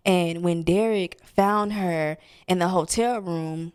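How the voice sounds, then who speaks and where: A woman's voice: on the low side, measured pace, few pauses, darkish tone, smooth, no echo. A young woman, talking candidly and earnestly in a reflective vlog monologue, dropping slang and checking in with "okay?" as she goes. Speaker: wellness vlogger.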